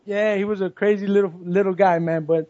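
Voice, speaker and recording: A man's voice: high-pitched, steady tone, a little fast, warm tone, no room sound, muffled recording. A male host chatting casually with a guest, laughing often and dropping in Spanish words. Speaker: show host. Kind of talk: casual interview chat.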